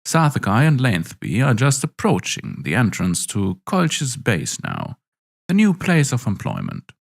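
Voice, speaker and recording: A man narrating a story in a wry, expressive way. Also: medium pitch, gravelly, breathy edge.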